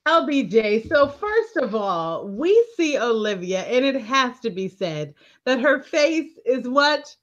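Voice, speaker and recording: Woman co-host, high and expressive, lo-fi sound; playful storyteller who laughs a lot. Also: slow pace, few pauses. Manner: animated storytelling, laughing often, keeps addressing co-host. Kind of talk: casual recap chat.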